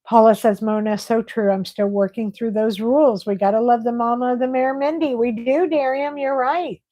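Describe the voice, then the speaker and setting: A middle-aged woman hosting a casual live stream, chatting and reading viewer comments aloud in an animated way. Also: fairly high pitch, normal speed, dry recording, low-quality recording. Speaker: livestream host.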